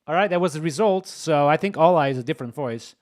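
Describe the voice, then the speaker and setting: Excitable man, lively high voice. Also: fast. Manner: excitable, exclaiming, talks to chat. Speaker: streamer, host. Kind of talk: live coding stream commentary.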